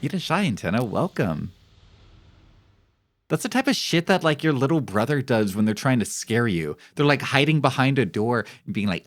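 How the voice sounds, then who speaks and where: A man's voice: medium pitch, normal speed. A young man chatting casually on a live game stream, rambling and reacting jumpily. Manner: animated, jumpy reactions, rambling anecdotes.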